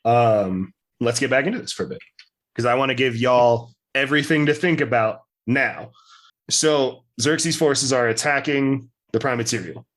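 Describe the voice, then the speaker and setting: A man's voice: mid-range voice, moderate pace, a bit bright. Man, game master, casual and chatty, swears freely. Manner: casual, swears freely, laughs between points. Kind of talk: explaining rules and narrating a tabletop game.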